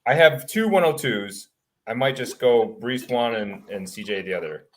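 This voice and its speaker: A man on a podcast panel talks haltingly, restarting his sentences and letting them trail away. His voice sits at a plain mid pitch, with nothing else standing out. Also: animated, a little hiss or hum. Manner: hesitant, stammering restarts, trailing off. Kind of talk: casual chat.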